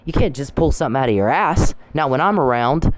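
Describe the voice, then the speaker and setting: A woman's voice: rumbling low, animated, a little fast, dry recording, low-quality recording. A woman talking in an angry, rambling monologue, combative and profane, with frequent restarts.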